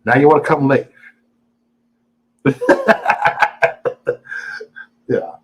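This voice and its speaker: A man's voice: medium pitch, expressive, moderate pace, poor audio. A man hosting a casual live stream, greeting viewers and ranting at them in a profane, taunting, boastful way. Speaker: livestream host.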